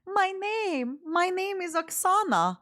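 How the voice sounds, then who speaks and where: A woman's voice: very high voice, sing-song, slow pace, fairly bright tone, pitched above the performer's own voice, heavily acted. A woman jokingly mimicking a lost ghost woman, theatrical and over the top. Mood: mock lost. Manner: exaggerated, theatrical, mocking. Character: mock lost ghost woman with heavy accent.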